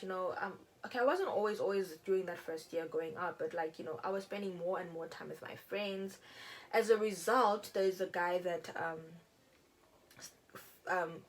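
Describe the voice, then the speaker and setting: A young woman casually telling a personal story while doing her makeup, chatty and animated, acting out what people said. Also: medium pitch, poor audio. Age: young adult. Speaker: beauty vlogger.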